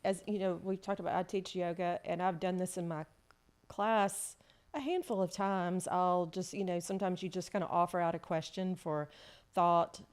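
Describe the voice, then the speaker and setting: A woman who teaches yoga, talking calmly and gently posing reflective questions in conversation. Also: fairly low pitch, moderate pace, clean tone. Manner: calm and guiding, poses questions gently.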